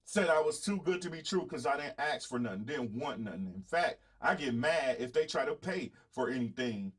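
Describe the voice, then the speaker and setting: A man's voice: medium pitch, animated, moderate pace, slightly rough. Boastful Southern man ranting to viewers. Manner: boastful, confrontational, profane. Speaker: podcast host. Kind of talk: blunt casual monologue to viewers.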